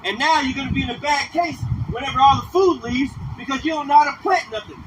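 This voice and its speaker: A man preaching on the street in a very high voice, scolding his listeners in slangy, repetitive bursts. The recording is noisy, with vehicles passing close by outdoors. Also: quick pace, distant mic. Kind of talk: livestreamed street sermon.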